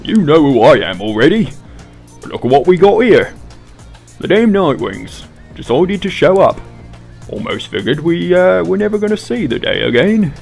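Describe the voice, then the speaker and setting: A man's voice: a little high, sing-song, normal speed, gravelly, a little mellow, breathy edge, soft background music, pitched above the performer's own voice, exaggerated voice. A man voicing a massive swaggering male demon with a West Country accent, talking in a boastful, taunting drawl. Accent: West Country English.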